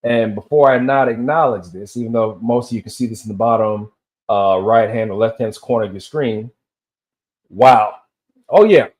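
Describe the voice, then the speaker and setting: A man's voice: lowish voice, fairly even intonation, a little fast. A man in his fifties from Tennessee, rambling through a solo rant and telling loose stories that drift between tangents. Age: 50s. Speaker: vlogger.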